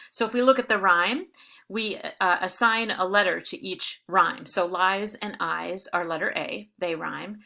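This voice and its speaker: Bright-voiced woman teaching a recorded lesson. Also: medium pitch. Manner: explains patiently, with frequent fillers and restarts; reads verse with exaggerated stresses. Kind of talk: recorded lecture video.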